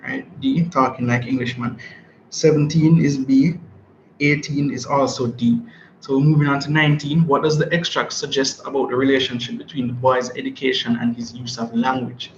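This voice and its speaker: A man leads an online review class, reading out quiz questions and waiting for replies from the chat. His voice sits at a middle pitch and comes through a computer mic in a dull, echoey room with faint background noise. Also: steady tone, normal speed. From Jamaica. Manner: checks chat for answers, reads multiple-choice questions aloud. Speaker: exam review teacher.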